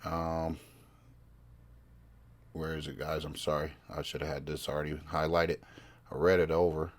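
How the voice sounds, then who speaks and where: A man's voice: a bass voice, little pitch movement, normal speed. A man hosting his own podcast, reading news articles aloud and commenting in a casual, rambling way, often stopping to search for his place. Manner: rambling, self-interrupting, reads articles aloud. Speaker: podcast host.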